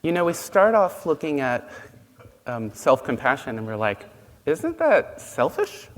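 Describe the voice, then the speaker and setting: A man giving a dharma talk as a Buddhist teacher, gentle and unhurried, telling stories with pauses. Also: medium pitch, expressive. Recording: long reverb, faint noise.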